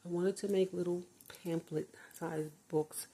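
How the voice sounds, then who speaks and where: Low husky older woman rambling. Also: fairly even intonation, a little slow, dark tone. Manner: chatty, laughs often, trails off and restarts. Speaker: vlogger. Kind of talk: rambling casual monologue. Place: her bedroom, door closed.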